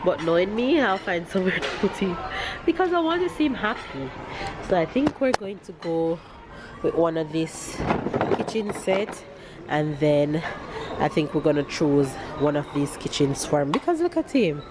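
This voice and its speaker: Talking to her camera indoors in a busy store, this woman in her thirties with a Jamaican accent grows emotional, tearful and sometimes crying. Her voice runs on the low side and is very animated at a normal speed, with background noise around her.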